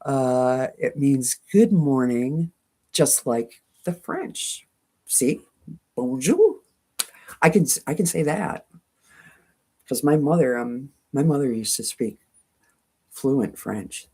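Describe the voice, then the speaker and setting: A woman's voice: extremely low pitch, lively intonation, slow, pauses often, dark tone, breathy edge. A woman with a twangy voice hosting a quilting channel, chatting casually with viewers, self-mocking and laughing often. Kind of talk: casual live chat, reading viewer comments.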